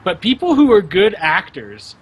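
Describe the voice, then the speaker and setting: A man's voice: sits high, wildly swooping pitch, normal speed, slight background noise, rough recording. A man co-hosting a podcast in casual chat, blunt and dismissive. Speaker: podcast co-host.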